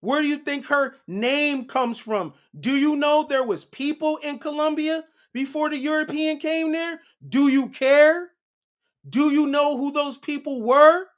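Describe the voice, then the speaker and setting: A man hosting a casual livestream, lecturing his viewers with a preachy run of rhetorical questions and repeated "right?" checks. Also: very high voice. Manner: slow and deliberate. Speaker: livestream host.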